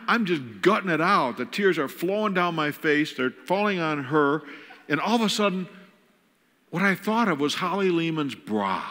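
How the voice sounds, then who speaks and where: An older man with a bright, forceful voice, spinning a funny, self-mocking story for a church crowd. He acts out the scenes as he goes, and his voice rings with the long reverb of a big hall. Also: on the high side. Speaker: guest speaker. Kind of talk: humorous storytelling sermon. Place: large church auditorium.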